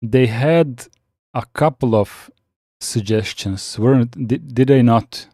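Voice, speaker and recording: A man chatting casually on a live stream, reading out viewer comments and answering with frequent pauses and restarts. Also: medium pitch, mellow, no echo, studio quality. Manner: halting, many fillers and restarts, reads chat aloud.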